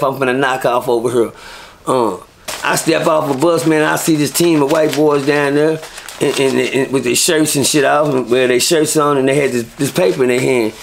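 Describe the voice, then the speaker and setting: A man with a gravelly, creaky voice that sits a little high, telling stories as an interview guest. He talks loosely and profanely and stays animated throughout. A faint hiss runs under the recording. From Texas. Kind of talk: casual storytelling.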